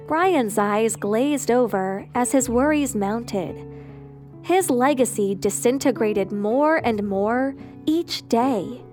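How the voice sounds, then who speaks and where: A woman narrating a dramatic family story in a scripted, even storytelling delivery. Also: a little high, slow, faint music behind.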